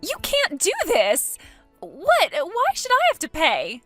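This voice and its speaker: A woman voicing a young woman who is entitled and indignant, talking in a high, whiny, outraged tone. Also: very animated, a little slow, fairly bright tone, dry recording, faint music behind, heavily acted.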